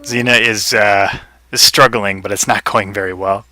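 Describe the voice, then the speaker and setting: A man's voice: on the low side, steady tone, normal speed, pushed and bright, dry recording. A man running a tabletop game as game master, narrating and playfully teasing the players about their rolls.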